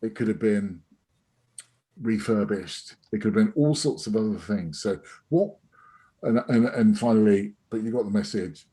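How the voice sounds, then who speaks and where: A man's voice: on the low side, normal speed, mellow, breathy edge. Rambling middle-aged man teaching sales. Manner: rambling, many restarts and fillers. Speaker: sales trainer. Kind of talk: masterclass on a video call. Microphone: video call.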